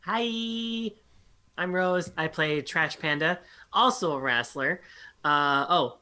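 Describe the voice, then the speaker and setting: A woman's voice: low voice, measured pace, sharp tone. A woman introducing her character as a player in a tabletop game, laughing and trash-talking in jest. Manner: laughing, jokey trash talk. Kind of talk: casual live-stream chat.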